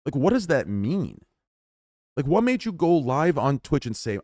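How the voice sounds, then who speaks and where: Dude streamer ranting to chat, swears a ton, voice all over the place, dry close mic. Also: male voice, fairly high pitch, very animated, moderate pace, no echo. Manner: rambling, profane, self-mocking, jumps between topics. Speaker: live streamer. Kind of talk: casual live-stream rant to chat.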